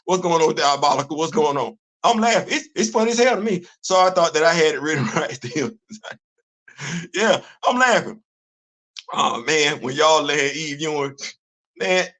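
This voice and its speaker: Hosting a laid-back livestream, a man with a high-pitched voice goes on an animated rant. He laughs a lot, uses plenty of slang, and keeps repeating himself.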